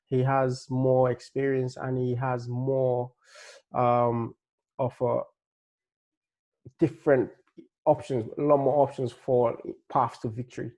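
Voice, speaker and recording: Speaking slowly and pausing often, this man casually predicts upcoming MMA bouts in a relaxed, meandering way. His slightly Nigerian-tinged voice is medium-pitched, a little mellow, and barely moves in pitch, and he fills it with fillers and restarts.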